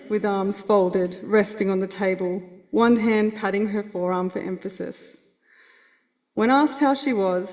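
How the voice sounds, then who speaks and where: A woman giving a gentle, affectionate eulogy for her grandmother at a funeral. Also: mid-range voice, steady tone, a little slow. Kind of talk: read eulogy. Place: funeral chapel. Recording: dull, muffled audio.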